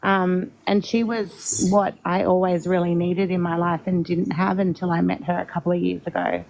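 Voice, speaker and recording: A woman's voice: fairly low pitch, little pitch movement, normal speed, vocal fry, a little mellow, poor audio. A woman on a panel, talking candidly and casually about the people in her life. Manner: candid, laughs at herself. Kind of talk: casual chat.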